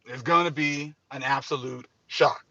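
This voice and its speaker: Emphatic man preaching with a bright voice. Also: medium pitch, steady tone, measured pace, vocal fry, no room sound, lo-fi sound. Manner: emphatic, repetitive. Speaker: host. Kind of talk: religious commentary.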